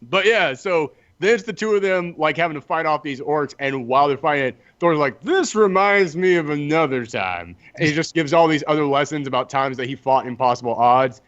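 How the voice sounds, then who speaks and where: A lively man talks comics on a podcast, slipping into quick character voices as he goes. His voice sits fairly high. The sound is a bit dull and lo-fi. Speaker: podcast co-host reviewing comics. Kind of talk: casual chat.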